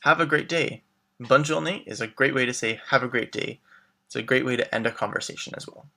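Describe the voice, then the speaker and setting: A man with a bright, clear voice leads a beginner language lesson. He models each phrase slowly, glosses it plainly, and warmly prompts the listener to try it back. His pitch sits mid-range for a man. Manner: clear, slow modeled pronunciation with English glosses; encouraging, prompts the learner to answer. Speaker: French teacher.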